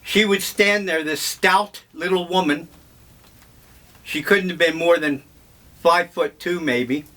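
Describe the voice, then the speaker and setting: Slow, wry older man reminiscing. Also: on the high side, sharp tone. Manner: slow, wry, meandering storytelling. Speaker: vlogger. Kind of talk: casual reminiscing monologue.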